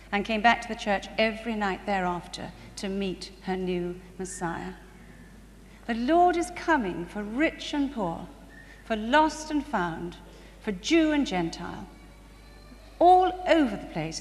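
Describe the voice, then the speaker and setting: A church conference speaker with a mid-range voice, this woman tells church stories sermon-style, full of animation and frequent laughter. Her excitement rises in bursts, and the recording is distant, reverberant, and faintly noisy with hall ambience.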